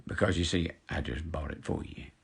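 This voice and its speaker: A man's voice: deep voice, fairly quick, vocal fry, breathy edge, exaggerated voice. A man doing a folksy, generous singing star. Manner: warm, folksy, calls her baby.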